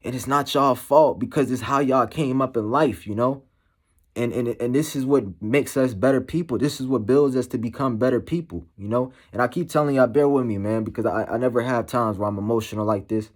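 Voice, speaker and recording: A man speaking candidly to camera as a motivational vlogger, halting and slangy, full of "you know" fillers. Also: medium pitch, fairly even intonation. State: emotional, shaken. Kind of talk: candid personal monologue to camera.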